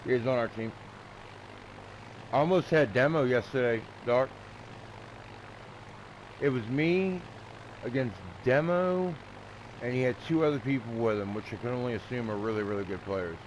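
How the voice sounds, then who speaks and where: A man's voice: medium pitch, moderate pace, pauses often, poor audio. Profane man rambling over gameplay. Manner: profane, rambling, talks to a friend. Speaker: gamer streaming naval battles. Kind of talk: casual gameplay commentary. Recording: game noise behind.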